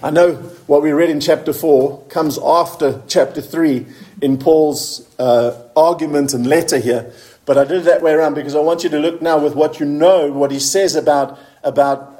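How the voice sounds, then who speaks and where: High-voiced earnest male preacher. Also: mellow. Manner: earnest, questioning, quotes scripture slowly. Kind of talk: sermon.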